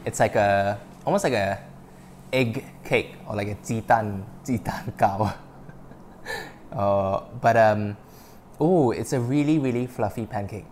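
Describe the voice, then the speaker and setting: A man hosting a casual cooking podcast, cooking and tasting as he talks and often breaking into delighted exclamations. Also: mid-range voice. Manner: excitable, bursts into delighted exclamations. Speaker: cooking show host.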